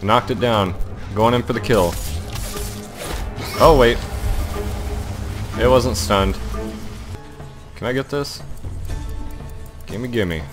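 A young man giving let's-play commentary, thinking aloud and reacting excitedly as he plays. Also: on the low side, slow pace, long pauses, over music. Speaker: gaming channel host.

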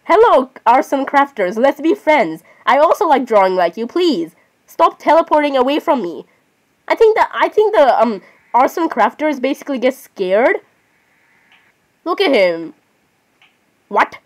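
A gaming channel host offers casual commentary on gameplay, chatting away, arguing with herself, and frequently stopping to apologize. Her voice sits high with big pitch swings, at a measured pace.

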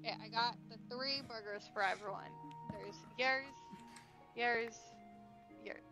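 A woman chatting casually while playing a video game, easygoing and quick to laugh. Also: a little high, music in the background. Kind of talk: casual gameplay chat.

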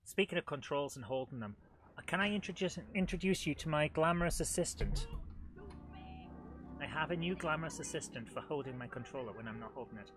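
A middle-aged retro gaming host streams a live let's-play, joking about himself, chatting and talking back to the game. His voice sits on the high side, animated and fairly bright, a little fast, with faint music behind him.

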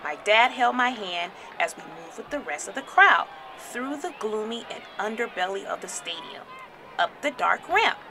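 A woman teacher reading a children's storybook aloud with expressive, animated storytelling. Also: mid-range voice, normal speed, music in the background, a crowd in the background.

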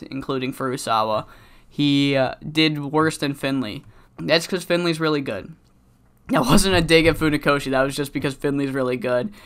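Sick and cracking at times, a man's slightly high, bright voice stays clear and resonant as he commentates on his game. He's a let's-play commentator who rambles, swears, and uses many fillers.

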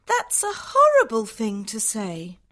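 A man's voice: high voice, wildly swooping pitch, slow, sharp tone, voice pushed up, exaggerated voice. A man voicing a kind young woman of about twenty-two who keeps the peace, in an audiobook story.

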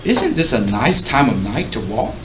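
A man reading aloud, voicing a curious, dreamy seventeen-year-old girl who speaks in a soft, wondering way. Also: medium pitch, very animated, normal speed, natural voice. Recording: roomy, distant mic, faint hiss.

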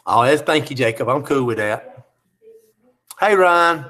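A man's voice: medium pitch, lively intonation, unhurried, a bit bright. A man hosting a live chat, reading out viewer comments and teasing them in a joking, easygoing way.

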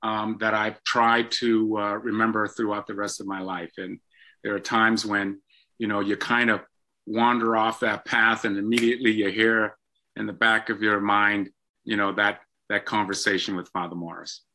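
An older man, a guest in an interview, telling stories from his life in an animated way with frequent ums. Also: on the low side, moderate pace. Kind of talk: storytelling in an interview.

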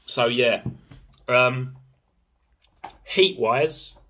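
A man's voice: medium pitch, extremely slow, pushed and bright. A young man chatting casually in a sauce review vlog, rambling with fillers and swearing freely. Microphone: camera mic.

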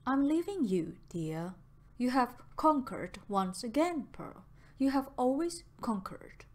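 Audiobook part: grave, tender lord bidding farewell, read by a woman, soft, unhurried. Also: a little high, very animated, full character voice. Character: lovesick nobleman, grave and tender.

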